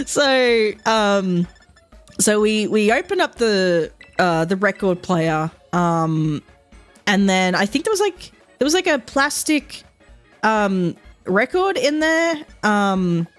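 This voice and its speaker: A young woman, telling a long story as a streamer, rambling with lots of fillers and quoted asides. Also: medium pitch. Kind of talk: casual storytelling while streaming.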